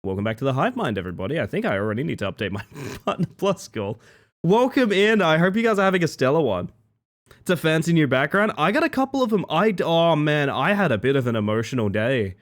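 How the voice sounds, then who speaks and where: A man's voice: on the high side, big pitch swings, quick pace. A man chatting casually with his live-stream chat, rambling playfully and greeting viewers by name.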